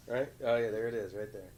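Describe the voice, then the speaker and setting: A man hosting a casual chat with his young son, telling stories in an animated way and laughing often. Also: mid-range voice. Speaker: podcast host and father.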